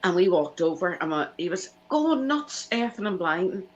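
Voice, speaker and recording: A woman's voice: on the low side, normal speed, dull audio. A woman, telling family anecdotes in a casual live chat and acting out the people she quotes. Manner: animated anecdote teller, acts out quoted voices.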